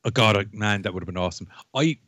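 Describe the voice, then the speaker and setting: Low-voiced man joking around. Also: fast, fairly bright tone, dry recording, studio quality. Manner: laughing, teasing, playfully petty. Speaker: podcast co-host. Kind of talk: casual banter.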